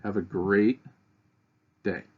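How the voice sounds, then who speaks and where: A male teacher explaining a lesson to children, talking them through it with frequent pauses and fillers. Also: on the low side, steady tone, dull audio. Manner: unhurried, talks students through steps with frequent "uh".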